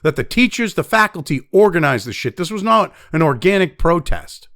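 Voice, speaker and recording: A man's voice: fairly high pitch, big pitch swings, moderate pace, fairly bright tone, no echo, clean studio sound. A man giving angry, heavily profane news commentary, reading news excerpts aloud between blunt rants.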